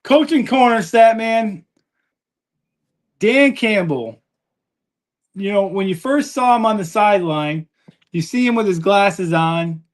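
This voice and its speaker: A man's voice: sits high, lively intonation, unhurried. A man hosting a live sports podcast, chatty and upbeat as he reads viewer comments aloud. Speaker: podcast host.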